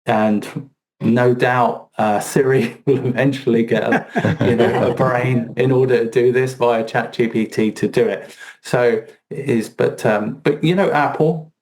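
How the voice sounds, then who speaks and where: A man's voice: medium pitch, steady tone, a little slow, darkish tone. A man speaking as a podcast guest, rambling with lots of fillers and restarts. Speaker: podcast guest, SEO expert. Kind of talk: casual conversational interview.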